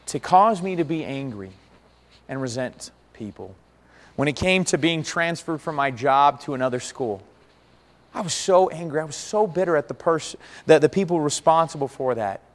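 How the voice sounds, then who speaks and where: A man preaching a sermon, earnest, with big swings between loud and quiet. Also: on the high side, moderate pace. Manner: earnest, rises and falls dramatically. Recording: long hall reverb.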